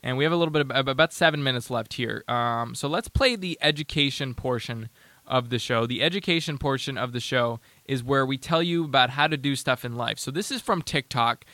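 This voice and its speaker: A man's voice: medium pitch, a little fast, pushed and bright, no echo. A man hosting a casual talk show, sarcastic and rambling, with many restarts. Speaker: podcast host. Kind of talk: casual commentary.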